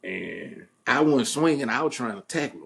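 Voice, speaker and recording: A man's voice: mid-range voice, moderate pace, vocal fry. A young man, host of a podcast, telling a childhood story in casual chat and acting out the voices of the people in it. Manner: animated storyteller, acts out quoted voices, laughs at himself.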